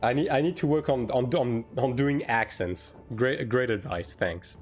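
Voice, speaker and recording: Chatty male game streamer, faint music. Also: mid-range voice. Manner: chatty, many fillers, quick bursts. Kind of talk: casual live-stream chat, answering chat.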